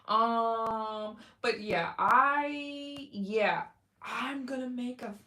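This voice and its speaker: A woman's voice: on the high side, extremely slow, sharp tone. A young adult woman hosting a casual livestream, chatting with viewers in a rambling way with many fillers and restarts. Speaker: livestream host.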